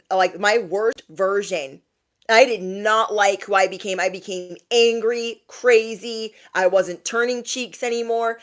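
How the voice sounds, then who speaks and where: A woman tarot reader giving a casual message to her viewers, chatty and animated, often laughing and repeating lines for emphasis. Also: mid-range voice. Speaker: tarot reader and motivational YouTuber.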